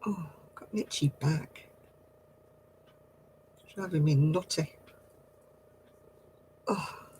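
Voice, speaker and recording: A woman's voice: deep voice, slow, pauses often, mellow, slight background noise, low-quality recording. A woman, chatting casually with viewers on a craft livestream, laughing often and dropping homely exclamations. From northern England.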